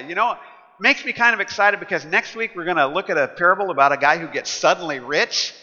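Recorded with muffled sound in a big echoing hall, a pastor delivers a relaxed storytelling sermon full of fillers. His voice is high and sharp, and he speaks fairly quickly.

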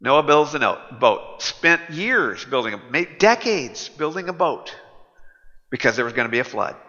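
Pastor, man, very bright voice, casual humorous sermon, echoey hall. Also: mid-range voice, sing-song, normal speed, highs cut off. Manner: conversational, humorous, chuckling.

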